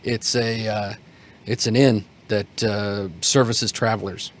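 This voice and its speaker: A man's voice: fairly low pitch, flat delivery, slow pace, slight background noise. A man voicing a wary young male city guard who gives directions in a sly, guarded way.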